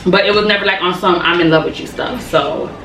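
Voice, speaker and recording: A woman's voice: lowish voice, steady tone, fast, noisy background. A young woman in casual, blunt, slangy chat with a friend while she does her makeup. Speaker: beauty vlogger. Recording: echoey room, mic at a distance.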